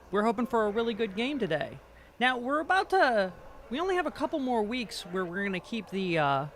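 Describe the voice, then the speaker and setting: Calling a curling game at the rink, an amateur commentator speaks in a high, somewhat bright voice with slight background noise. His commentary is jokey and self-deprecating, and he fumbles the players' names.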